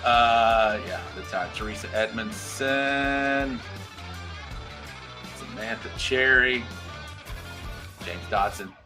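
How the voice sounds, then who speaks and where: A man hosting a livestream show, chatting casually and reading out viewer shout-outs. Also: medium pitch, over music. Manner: reads out viewer names in quick shout-outs.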